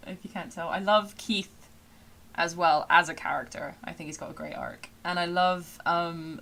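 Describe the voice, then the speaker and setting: A woman with a Somerset accent chats casually on a stream, rambling along with plenty of fillers and laughs. Her voice is bright and clear, pitched a little low. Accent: Somerset English. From England. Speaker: streamer and voice actor. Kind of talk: casual live-stream chat.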